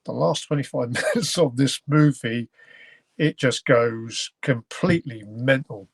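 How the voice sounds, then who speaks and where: A man's voice: medium pitch, a little slow, creaky, husky, no room sound. Male podcast host, mid-range voice, dry sound, rambling hesitant delivery. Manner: rambling, hesitant, stops to search for words. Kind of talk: casual film review chat.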